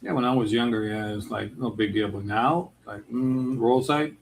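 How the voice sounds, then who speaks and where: A man from Chicago with a Chicago accent, chatting casually with viewers while drawing on a livestream, laid-back and quick to laugh. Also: medium pitch, gravelly, slight background noise. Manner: laid-back, laughs often, restarts sentences. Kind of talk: casual chat.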